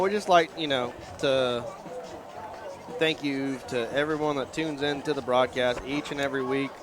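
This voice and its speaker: Chatty man calling a local football game. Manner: chatty, folksy, jumps in pitch on big plays. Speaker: play-by-play announcer. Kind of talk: local sports commentary. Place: outdoor high school football stadium, in the rain. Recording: outdoor broadcast with clear ambient noise.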